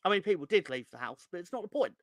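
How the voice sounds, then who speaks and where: A man's voice: high voice, big pitch swings, racing, dry recording, clean studio sound. Exasperated young man ranting. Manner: exasperated, sweary, rising into angry outbursts. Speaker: fan channel host. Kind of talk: ranting live stream chat.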